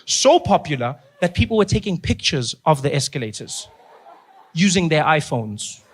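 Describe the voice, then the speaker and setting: A man telling stand-up stories to a live audience, animated and acting out his characters. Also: fairly high pitch, normal speed, background noise. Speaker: stand-up comedian. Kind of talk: stand-up comedy storytelling. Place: comedy venue with a live audience.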